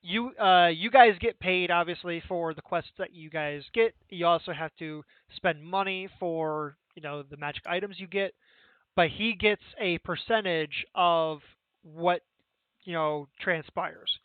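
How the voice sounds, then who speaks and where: A man running a tabletop game as game master, explaining in a relaxed, rambling way with many fillers. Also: high-pitched, unhurried, smooth, no echo. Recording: tinny dry phone-like line.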